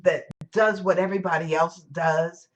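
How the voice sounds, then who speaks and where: A woman giving a relaxed, conversational sermon to her congregation. She rambles and circles back on herself, stacking fillers and restarts as she goes. The talk is captured live during a church service. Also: fairly low pitch, normal speed, lo-fi sound. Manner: rambling, chatty storytelling with many fillers and restarts. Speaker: church speaker.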